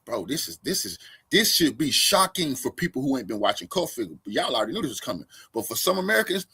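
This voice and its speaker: A man giving fired-up commentary as host, cursing freely. His voice is husky and his pitch jumps around a lot, from sharp high outbursts to low mutters. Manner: profane, fired-up, swings from loud to muttering. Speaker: host reacting to a clip. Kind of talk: heated commentary.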